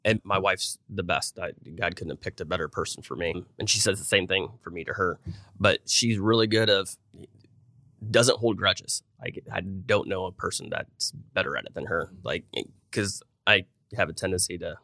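A man's voice: deep voice, moderate pace, pushed and bright, no echo. A middle-aged man, a podcast guest and business owner, telling personal stories in an earnest, rambling way with many restarts. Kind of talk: casual conversational interview.

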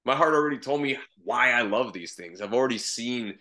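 A man's voice: mid-range voice, lively intonation, a little fast, pushed and bright. A man from Canada, a comedian and voice actor, talking easily as a podcast guest with many restarts. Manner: easygoing, rambling, with frequent restarts. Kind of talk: casual interview chat.

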